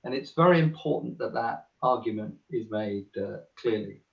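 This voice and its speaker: Man, gravelly voice, measured emphatic delivery, dull lo-fi video call sound. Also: mid-range voice. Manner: measured, emphatic, frequent "uh" pauses. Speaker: panel speaker. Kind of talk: webinar talk. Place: home in the countryside.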